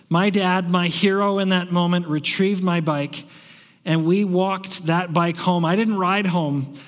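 A man preaching a sermon, telling a personal story slowly and earnestly, with many pauses. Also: on the high side, long reverb tail. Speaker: pastor.

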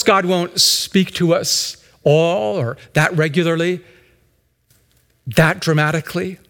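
Male pastor, reflective sermon delivery, voice a little high, long echo around him. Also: a bit bright.

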